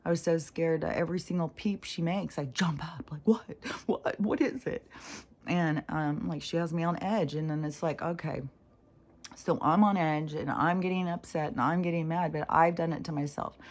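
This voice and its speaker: A woman's voice: sits low, fairly even intonation, normal speed. A woman with a runny nose talking in a casual, rambling vlog monologue, self-reflective and full of fillers. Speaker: spiritual vlogger.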